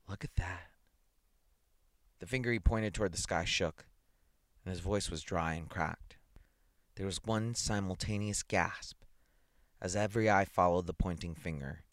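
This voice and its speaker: A man reading a science fiction story aloud in a measured, dramatic way. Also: low voice, no echo, clean studio sound. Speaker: reader.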